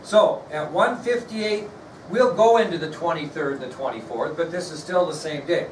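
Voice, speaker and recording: A man lecturing a classroom in a relaxed, conversational way, often checking that his students are following. His voice sits a bit high for a man. He is recorded from across an echoey room, with faint noise underneath. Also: moderate pace, distant mic. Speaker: history teacher.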